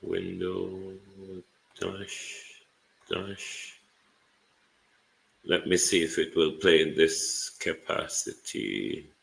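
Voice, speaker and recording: A Jamaican man hosts a live online show, fussing aloud at his computer as he speaks to viewers. His voice sits very low with a gravelly fry, yet it carries a bright, forceful edge. He talks at an unhurried pace. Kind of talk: casual live commentary.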